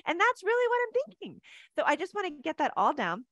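A woman in her fifties, a mindset coach, giving an animated, chatty webinar talk over a video call and laughing easily. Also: very high voice, fast, dry recording, clean studio sound.

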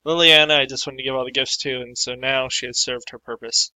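A man casually commenting on his own playthrough of a video game, offhand and relaxed. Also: medium pitch, fairly quick, clean tone, dry recording, rough recording. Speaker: gamer. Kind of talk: let's play commentary. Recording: voice over game audio with faint music.

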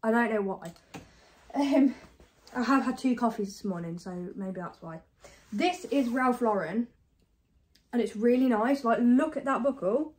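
A woman from the UK chatting casually to camera about her thrift finds, fast and self-deprecating, a bit out of breath. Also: a little high, a little mellow. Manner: chatty and self-deprecating, talks fast with many ums and likes. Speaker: reseller vlogger. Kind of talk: casual haul chat to camera.

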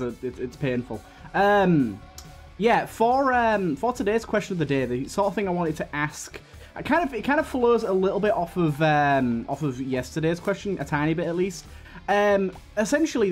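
A man's voice: a little high, a little mellow. A man giving casual, rambling commentary while playing a video game, hiccuping now and then. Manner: chatty, rambling, frequent fillers and restarts. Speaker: gaming YouTuber.

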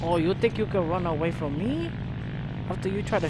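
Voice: mid-range voice, lively intonation, brisk, noisy background. A player in voice chat giving a panicky, teasing running commentary on a dogfight. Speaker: gamer in voice chat. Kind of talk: gaming commentary and banter.

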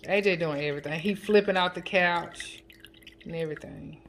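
A woman chatting casually as a home cooking vlogger, counting her seasoning shakes out loud and joking with family off camera. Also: fairly low pitch, normal speed, noisy background. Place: home kitchen. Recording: kitchen clatter of dishes and utensils.

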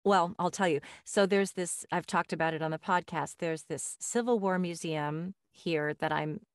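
A woman hosts a podcast in a slightly low voice, speaking with lively enthusiasm. Her sound is dry and close, with no room echo. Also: normal speed. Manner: enthusiastic, animated storytelling. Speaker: podcast host. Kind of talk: casual interview chat.

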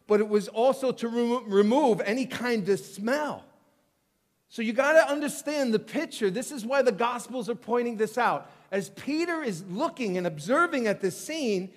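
A man with a high voice preaches to his congregation, swinging from loud to hushed as he acts out the story, and he often restarts words. His voice rings with a long reverb through the church hall. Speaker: pastor. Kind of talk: sermon. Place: church sanctuary.

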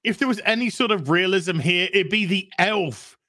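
Guest co-host, high bright voice, dry sound, snarky and sweary. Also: male voice, moderate pace, dry recording. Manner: blunt, sarcastic, swears. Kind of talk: casual live review chat.

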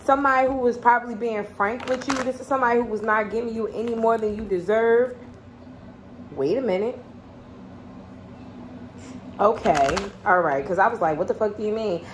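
A woman's voice: a little high, normal speed, long pauses, slight background noise. A woman giving a casual tarot reading, talking bluntly and chattily with plenty of swearing. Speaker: tarot reader.

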